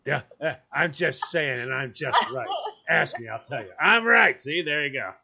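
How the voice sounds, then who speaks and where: A man's voice: medium pitch, moderate pace, gravelly, bright, forceful tone. A man co-hosting a talk show in casual chat, playfully teasing his co-host.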